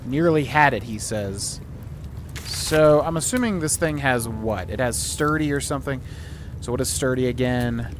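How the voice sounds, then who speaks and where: A male streamer in casual let's-play commentary, thinking out loud and rambling with plenty of fillers. His voice sits at an ordinary middle pitch, with faint background noise behind it. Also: unhurried.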